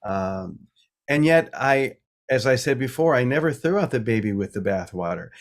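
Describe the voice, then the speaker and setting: A man's voice: mid-range voice, lively intonation, moderate pace. A middle-aged man, a priest and guest, talking about his faith in a reflective, storytelling way. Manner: warm reflective storytelling with laughs. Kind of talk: casual spiritual talk.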